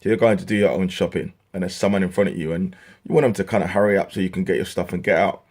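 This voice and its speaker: A man's voice: low voice, fairly even intonation, racing, a little mellow, breathy edge. A young man from England ranting to camera in an exasperated, swearing comic style, his voice jumping up when worked up. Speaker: vlogger.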